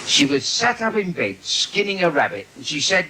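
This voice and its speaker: Brief: London man, lively sing-song comic patter, noisy live-theatre sound. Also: high voice, moderate pace. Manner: brash, cheeky patter with audience asides. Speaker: stand-up comedian. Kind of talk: live bawdy stand-up routine. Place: theatre stage before a live audience.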